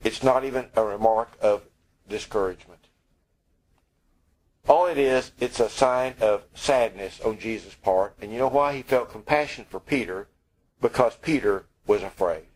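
A man's voice: fairly low pitch, moderate pace, darkish tone, poor audio. A man preaching a sermon in a conversational, wry way, acting out the lines he quotes.

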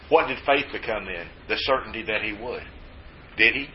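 A man's voice: medium pitch, normal speed, slight background noise. Guy preaching a sermon, jokey folksy asides, kinda muffled lo-fi sound. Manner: folksy, joking asides, lively emphasis. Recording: slightly dull lo-fi recording with faint ambience.

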